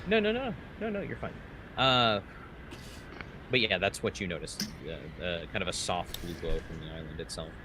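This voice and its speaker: Deep-voiced man narrating as game master. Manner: slow descriptive narration with fillers. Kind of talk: narrating a tabletop game session. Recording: clear background noise.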